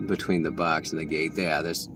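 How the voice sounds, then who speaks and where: A man's voice: a bass voice, little pitch movement, moderate pace. A man chatting casually to viewers while driving passengers around, rambling from one thought to the next in a car. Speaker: rideshare driver and livestreamer. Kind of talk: casual driving vlog chat. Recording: loud road and engine noise. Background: car and road noise.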